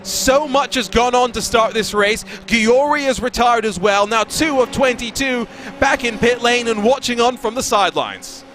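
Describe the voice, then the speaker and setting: High-voiced male race commentator. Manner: fast, energetic, rises in excitement. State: voice getting hoarse. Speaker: lead commentator. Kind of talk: sim racing play-by-play commentary.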